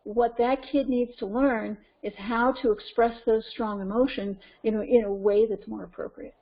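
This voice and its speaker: A woman parenting coach with a North American accent teaching a webinar in an animated way, acting out scenes. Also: a little high, moderate pace. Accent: North American English. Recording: lo-fi conference call audio.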